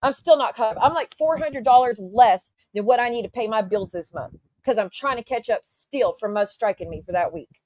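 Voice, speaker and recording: A woman's voice: fairly high pitch, lively intonation, moderate pace, darkish tone, dry recording. A woman livestreamer ranting to her chat in an indignant, profane, casual way. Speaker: YouTube livestreamer.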